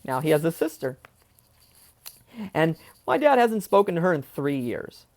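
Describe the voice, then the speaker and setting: A man's voice: fairly high pitch, big pitch swings, measured pace, long pauses, darkish tone. Heated man recounting a family ordeal. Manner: heated and indignant, swears, asks rhetorical questions, repeats himself. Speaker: vlogger telling a family story. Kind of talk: agitated personal storytelling. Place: at home, seated in a chair. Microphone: wearing headphones, close mic.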